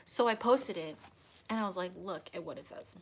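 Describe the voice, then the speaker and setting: Animated woman telling a story. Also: on the low side, moderate pace, husky. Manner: animated, dramatic retelling with many fillers. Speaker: tarot channel host. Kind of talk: casual storytelling to viewers.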